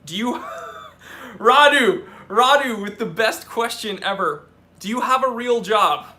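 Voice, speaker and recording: Bright, high-voiced joking male streamer. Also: animated. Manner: joking, quick asides and self-corrections. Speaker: watch channel host. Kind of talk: live stream Q&A, reading viewer questions.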